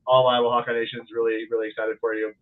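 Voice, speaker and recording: A man's voice: medium pitch, level tone, racing. A man hosting a podcast, asking friendly, rambling questions in casual chat. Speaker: podcast host. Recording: tinny phone-like line.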